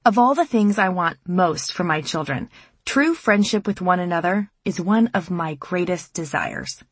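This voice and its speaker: Husky-voiced woman reading an audiobook. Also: fairly low pitch, expressive, dry recording. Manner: measured, reflective reading. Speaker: audiobook narrator and mother. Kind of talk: scripted audiobook narration.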